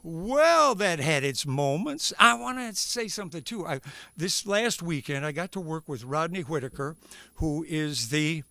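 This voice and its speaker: A man's voice: a little high, lively intonation, creaky, sharp tone, no echo. A man, a singer-songwriter, chatting casually between songs on a live stream, musing about how he arranges and sings his material. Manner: musing, unhurried, talks through his song choices.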